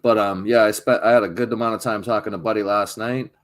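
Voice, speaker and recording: Male co-host, lower voice, dry understated humor, casual chat. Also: fairly even intonation, quick pace. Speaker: podcast co-host.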